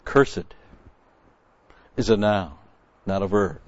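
A man's voice: on the low side, takes it slowly, no echo. A man giving verse-by-verse sermon teaching as a Bible teacher, stressing points by repeating key words and explaining the grammar of the original text. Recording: dull, dry lo-fi recording.

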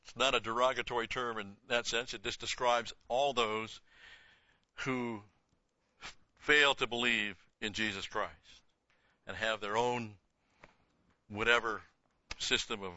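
A man's voice: fairly low pitch, fairly even intonation, unhurried, long pauses, bright, forceful tone, highs cut off. Man teaching Scripture verse by verse. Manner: reads scripture aloud with rising emphasis, then explains in a casual aside. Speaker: Bible teacher.

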